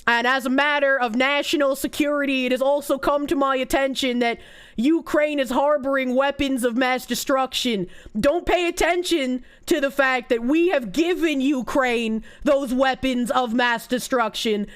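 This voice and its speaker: A woman's voice: sits high, fairly even intonation, smooth, natural voice. A woman doing a pompous male president's speech. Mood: mock-solemn. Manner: slow, solemn, mock-official delivery.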